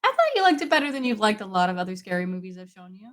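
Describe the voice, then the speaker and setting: A young woman co-hosts a casual podcast at a brisk, rapid clip. She teases her co-host in quick back-and-forth, restless and fidgety, her voice at a middle pitch. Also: big pitch swings. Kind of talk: casual chat.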